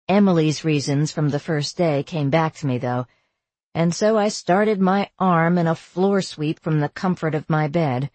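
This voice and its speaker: A woman narrating a first-person novel as an audiobook, in a measured, wry storytelling manner. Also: lowish voice, a little mellow, breathy edge, no echo.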